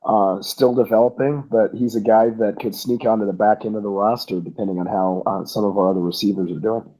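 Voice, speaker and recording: A man with a somewhat low voice, co-hosting a casual fan podcast. He talks in an earnest, analytical way, leaning on plenty of fillers and restarts. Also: steady tone, a little fast, dark tone, poor audio. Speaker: podcast co-host.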